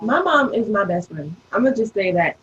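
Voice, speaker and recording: A woman in her early twenties, a daughter, telling stories in a casual panel chat with an animated, laughing manner. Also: medium pitch, moderate pace, lo-fi sound, slight background noise. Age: early 20s. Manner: animated storytelling, laughs often.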